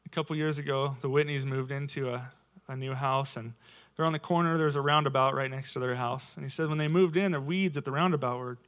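A man's voice: fairly high pitch, fairly bright tone. A man in his thirties giving a casual, conversational sermon to his church, full of rhetorical questions. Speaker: lay preacher.

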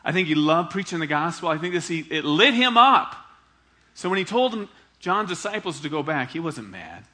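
A man preaching a sermon with a bright, forward voice set a little high. He talks conversationally and asks the congregation for responses. Now and then he acts out a quoted voice, swinging his pitch and loudness. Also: sing-song, moderate pace. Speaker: pastor.

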